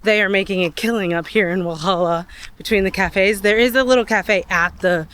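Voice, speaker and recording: A woman's voice: medium pitch, fairly quick, a bit bright. A young woman narrating a casual travel vlog while walking around outdoors, chatty and rambling. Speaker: travel vlogger. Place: outdoors on a day trip, walking.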